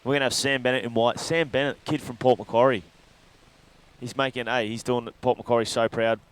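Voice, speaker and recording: A man's voice: mid-range voice, fairly even intonation, a little fast, clean tone. A man giving loose, rambling live commentary on a surf contest, breaking down each ride. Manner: loose, rambling analysis with fillers.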